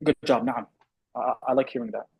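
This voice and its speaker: A man teaching an Arabic class to students in the room and online, patiently repeating words slowly. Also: medium pitch, steady tone, husky, rough recording.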